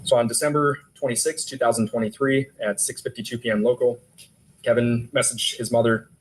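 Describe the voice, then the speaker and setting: A man's voice: medium pitch, fairly even intonation, brisk, slight background noise, poor audio. A male detective testifying in court, steadily reading text messages aloud. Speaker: detective witness.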